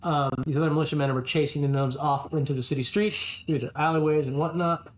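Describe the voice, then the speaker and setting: A man's voice: fairly high pitch, fairly even intonation, fast talker, reverberant. Hesitant man running a tabletop game. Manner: hesitant, full of ums and restarts. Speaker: game master.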